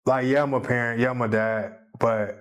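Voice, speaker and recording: A man speaking as a podcast guest, in a casual, rambling and heartfelt way. His voice sits at a middle pitch, and he keeps checking in with the listener as he talks. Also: steady tone, moderate pace, a bit bright. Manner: rambling, heartfelt, fills with "you know what I mean". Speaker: podcast guest, jiu-jitsu competitor. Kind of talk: casual conversation.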